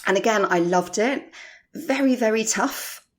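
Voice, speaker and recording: A middle-aged woman, a podcast guest, candidly telling her career story with animated quoted voices. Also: fairly high pitch, measured pace. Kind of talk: interview storytelling.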